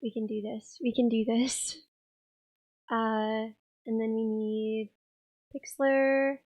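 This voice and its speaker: Young female streamer, hoarse and rough, slightly high, giggly casual chatter, dry sound. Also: little pitch movement, slow, a little mellow, no room sound. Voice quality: rough, raspy voice. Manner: chatty, giggly, reads chat aloud. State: hoarse, tired voice. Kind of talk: casual live-stream chat.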